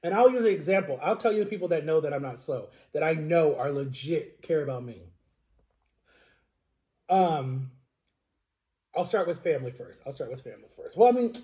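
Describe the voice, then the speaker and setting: A man in his thirties vlogs to camera about his own life, rambling earnestly and emotionally and often checking in with "right?". His voice is a little high with a dark tone.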